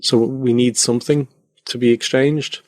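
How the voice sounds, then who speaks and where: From a converted attic in his house, an Irish podcast guest gives a casual conversational interview, reflective and loose with many fillers. His medium-pitched voice is a little mellow and steady in tone at a moderate pace, recorded dry at studio quality.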